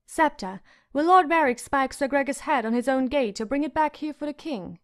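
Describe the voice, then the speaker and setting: A woman's voice: sits high, normal speed, voice pushed up, natural voice. A woman reading an audiobook, voicing a proud young noble girl who talks in a haughty, airy manner.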